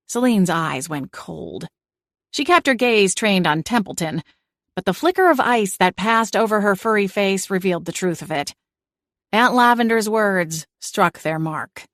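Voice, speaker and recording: A woman reading a cozy audiobook in first person with wry, lively storytelling. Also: medium pitch, unhurried, no echo, studio quality. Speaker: audiobook narrator.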